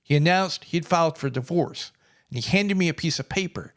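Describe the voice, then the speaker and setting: A man's voice: a little high, fairly quick. A middle-aged man telling a personal story in a plainspoken, wry way. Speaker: vlogger.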